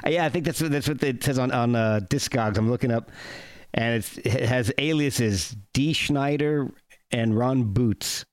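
A man's voice: mid-range voice, unhurried. A man hosting a podcast interview, asking curious, stammering questions and laughing easily. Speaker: podcast host. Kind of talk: casual interview.

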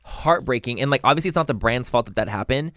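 A man's voice: medium pitch, expressive, fast talker, a bit bright, no echo, studio quality. A young man co-hosting a podcast, telling a story in a rambling way with lots of fillers and swearing. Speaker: podcast co-host. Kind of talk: casual chat.

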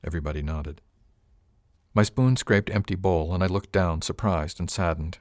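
A man narrating a first-person audiobook in a measured, even storytelling manner. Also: low-pitched, no echo, studio quality.

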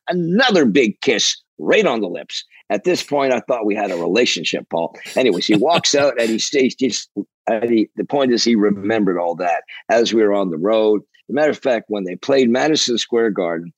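An older man from Canada, a rock drummer, telling rambling, animated, profane stories in an interview. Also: medium pitch, a little fast, slightly rough, no room sound. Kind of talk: storytelling interview.

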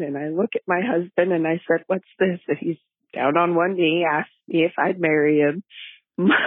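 A woman's voice: sits low, slightly rough, no echo, narrow, tinny audio. A woman caller telling a funny family story, animatedly acting out her relatives' lines.

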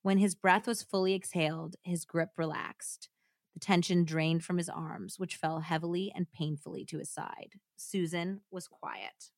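A woman's voice: fairly low pitch, steady tone, unhurried, creaky, no room sound, clean studio sound. A woman podcast host reading a true crime account aloud, voicing the quoted lines and breaking off to chat. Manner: reads aloud with acted dialogue, then chats and jokes. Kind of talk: dramatic reading with casual commentary.

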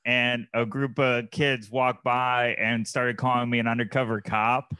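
A man's voice: medium pitch, level tone, a little slow, bright, forceful tone, slight background noise. A man chatting casually as a comedian guest, sheepish and laughing through his sentences. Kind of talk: casual chat.

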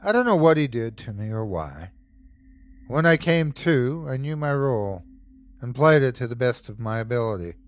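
A man hosting a podcast and reading a horror story aloud with measured, dramatic delivery. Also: mid-range voice, sing-song. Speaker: host and narrator. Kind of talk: scripted horror narration.

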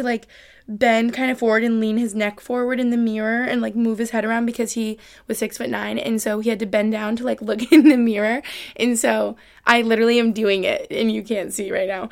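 A woman's voice: on the high side, vocal fry, a little mellow. A young woman from upstate New York hosting a casual podcast, rambling upbeat chat full of "like", recorded on a desk microphone into a computer. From Albany, New York. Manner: rambling, upbeat, chatty, lots of "like". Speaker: podcast host.

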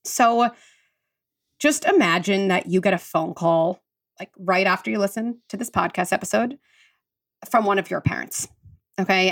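A woman psychologist, appearing as a podcast guest, earnestly and reassuringly walks listeners through an exercise during the conversation. Her voice is medium-pitched and creaky.

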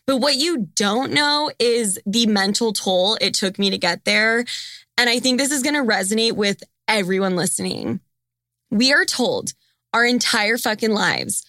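A woman's voice: a little high, lively intonation, a little slow, sharp tone, dry recording, studio quality. A young woman hosting a podcast, chatting in a blunt, profane and teasing way. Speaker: podcast host. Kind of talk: casual podcast chat.

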